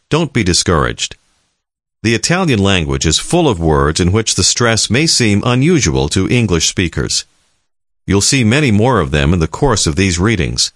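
A very deep-voiced man narrates a language lesson in a calm, measured tone. His delivery is lively in pitch despite the steady pace, and the recording is dry and close with no room sound. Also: no room sound. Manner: calm, measured, clearly enunciated. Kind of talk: scripted instructional narration.

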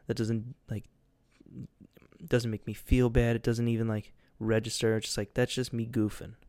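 A man's voice: mid-range voice, flat delivery, normal speed, darkish tone, no echo. A young man rambling casually as a podcast host, loose and goofy, with lots of fillers and swearing.

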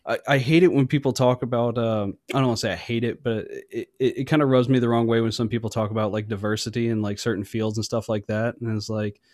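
A man's voice: mid-range voice, steady tone, quick pace, few pauses, darkish tone, no echo, clean studio sound. Profane laughing storyteller, a man. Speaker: army veteran. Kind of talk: casual chat.

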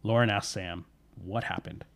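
A man's voice: on the low side, vocal fry. Man telling a spooky story casually. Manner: relaxed, voices characters' lines in quick asides.

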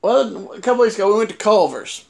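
A man tells a rambling story in casual chat, full of restarts and asides. His voice is rough and gravelly. The recording carries a steady hiss of noise underneath. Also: sits high, fast talker. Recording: noisy podcast recording.

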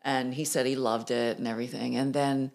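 A middle-aged woman, telling an animated story as a guest and laughing often. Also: extremely low pitch, brisk, creaky. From Newfoundland, Canada. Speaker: guest musician. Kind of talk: casual storytelling.

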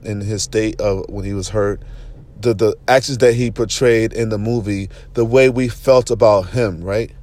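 A man's voice: mid-range voice, mellow. A man speaking in a reflective, rambling monologue, earnest and conversational, often checking in with "you know what I'm saying".

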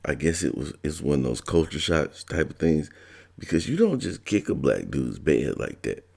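A man's voice: very deep voice, very animated, normal speed, creaky, a little mellow, breathy edge. A man from Georgia telling a personal story in a laid-back, casual way, laughing now and then.

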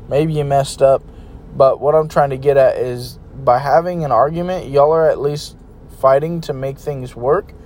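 A man's voice: mid-range voice, darkish tone, a little hiss or hum. A man giving relationship advice in a casual, blunt way, talking to his listeners like buddies. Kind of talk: casual advice talk to camera.

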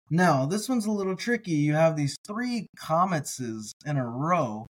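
A man teaching, sounding out words slowly with pauses and restarts, then explaining in a relaxed, chatty way. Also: fairly high pitch, low-quality recording. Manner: relaxed and chatty between readings. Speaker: Hebrew teacher. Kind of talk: slow word-by-word reading lesson.

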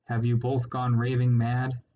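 A man's voice: medium pitch, monotone, unhurried, close to an everyday voice. A man doing a curt, menacing rat warlord. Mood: irritable, commanding. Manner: curt, barking orders. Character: menacing male rat warlord, one-eyed and irritable. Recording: slightly muffled with faint hiss.

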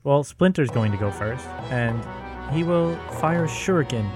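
A man's voice: medium pitch, animated, moderate pace, over music. A man narrating a tabletop game as game master, in a casual, loose way full of fillers. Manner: casual, laid-back narration with many "like"s.

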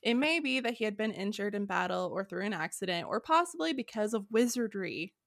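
A woman's voice: mid-range voice, animated, a little fast, gravelly, a bit bright, no room sound, clean studio sound. A woman casually retelling an old legend on a podcast, joking and laughing as she goes. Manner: laughing, jokey retelling with voiced asides. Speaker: podcast co-host. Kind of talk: casual storytelling chat.

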